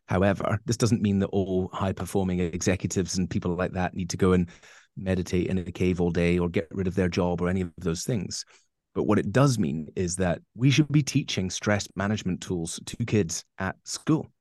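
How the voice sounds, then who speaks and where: A man's voice: low-pitched, normal speed, darkish tone, dry recording, clean studio sound. A man answering interview questions as a coach, emphatic and rambling, with many fillers and restarts. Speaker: guest coach.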